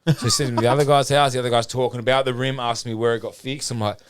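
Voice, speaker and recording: A man's voice: mid-range voice, steady tone, very fast, clear, resonant tone, no echo. An Australian man co-hosting a podcast, rambling through a story with plenty of swearing and laughter in casual chat. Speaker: podcast co-host.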